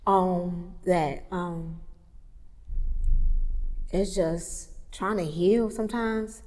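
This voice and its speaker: A woman's voice: on the low side, slow, long pauses. Candid woman telling her story, reverberant room. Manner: candid, swings from hushed to loud animated retelling. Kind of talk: emotional personal storytelling. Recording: long reverb, roomy hall sound.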